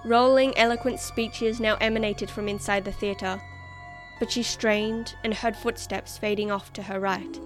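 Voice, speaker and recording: A woman reading a story aloud as narrator in a measured, expressive way. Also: mid-range voice, faint music behind. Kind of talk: scripted narration.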